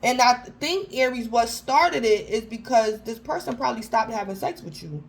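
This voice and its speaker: A woman's voice: on the high side, animated, normal speed, creaky, rough recording. Chatty woman giving a tarot reading. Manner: chatty, keeps calling out the sign by name; informal slangy phrasing with frequent restarts. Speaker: tarot reader. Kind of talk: casual tarot reading to camera.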